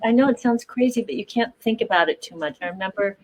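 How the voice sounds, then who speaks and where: A woman's voice: mid-range voice, quick pace, a little hiss or hum, rough recording. A woman actor on a festival panel, chatty and self-deprecating, with many hesitant fillers. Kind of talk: panel discussion.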